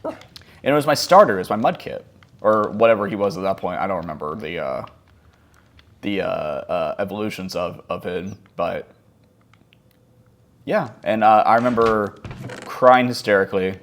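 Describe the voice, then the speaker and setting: A gaming vlogger around thirty chats casually over his gameplay, rambling and poking fun at himself, sinking into mumbles and then jumping into yelps. His voice is fairly low, at normal speed, with long pauses.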